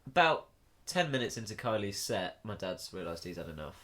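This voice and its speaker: A young man, co-hosting a podcast, telling a lively anecdote with swearing and laughter. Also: lowish voice, brisk. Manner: animated storyteller, swears and laughs mid-anecdote. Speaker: podcast co-host. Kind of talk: casual chat.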